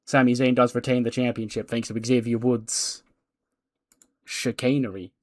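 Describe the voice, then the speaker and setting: A man casually narrating a wrestling simulation playthrough, excitable and chatty, with many fillers. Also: mid-range voice, normal speed, no echo. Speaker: game commentator.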